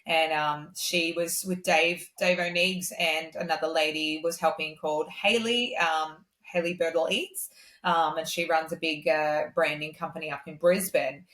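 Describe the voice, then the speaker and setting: Lower-voiced Australian woman in an echoey room. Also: a little slow. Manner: animated, acts out others' lines in a much higher voice; many "um" and "like" fillers. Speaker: guest singer-songwriter. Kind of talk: casual storytelling in a podcast interview.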